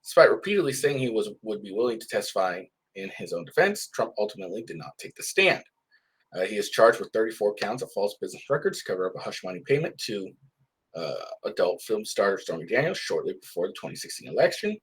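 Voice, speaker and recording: A man's voice: lowish voice, very animated, quick pace, slightly rough. A man with a stuffy nose giving casual, rambling commentary on live updates, full of restarts.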